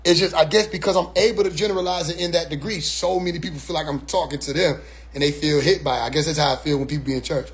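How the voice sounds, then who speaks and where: Male streamer, raised pitch and a raspy edge; loose, animated talk full of restarts. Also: quick pace. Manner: animated, repeats words as he restarts. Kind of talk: casual spoken monologue.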